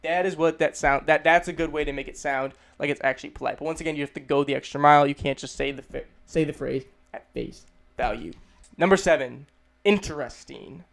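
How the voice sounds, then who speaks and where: A man's voice: a little high, fairly quick, vocal fry, fairly bright tone. A young American man in his twenties explaining phrases in a casual, rambling way, often repeating himself and acting out example lines in mock voices. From United States. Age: 20s. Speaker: English teacher. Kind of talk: casual explanatory video lesson.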